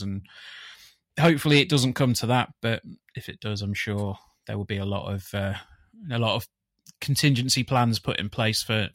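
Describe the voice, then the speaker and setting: A man's voice: lowish voice, no room sound, clean studio sound. A man co-hosting a casual football fan podcast, easygoing and agreeable. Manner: easygoing, agreeable, wraps up the show. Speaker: podcast co-host. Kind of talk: casual chat.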